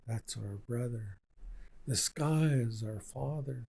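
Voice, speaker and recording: Older guy, an elder, slow and gravelly, tells stories over and over with conviction, dark husky voice. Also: mid-range voice, low-quality recording. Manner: unhurried and repetitive, speaking with conviction. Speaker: Indigenous elder, guest. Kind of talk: slow storytelling in conversation.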